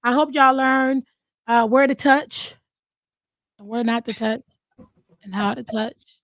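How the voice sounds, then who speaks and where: High-voiced woman hosting a frank chat. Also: fairly even intonation, takes it slowly, fairly bright tone, no room sound, clean studio sound. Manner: frank, candid and emotional, with slang and cursing. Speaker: host. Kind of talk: casual chat.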